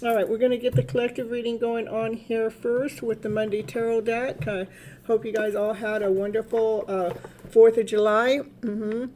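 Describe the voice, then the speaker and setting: A woman's voice: on the high side, little pitch movement, moderate pace, dark tone, slight background noise. A woman, a tarot reader hosting a live stream in casual, rambling chat, laughing often.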